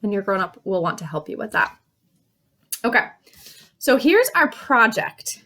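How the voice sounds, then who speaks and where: A woman teacher reading a picture book to young children, acting out each feeling with gasps, sighs and shouts. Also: mid-range voice, very animated, a little slow.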